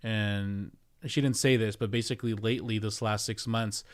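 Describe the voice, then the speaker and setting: A man's voice: lowish voice, fairly even intonation, moderate pace. A man, a real estate agent, hosting a casual livestream, rambling and reading out viewer comments as he goes. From United States. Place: home, streaming.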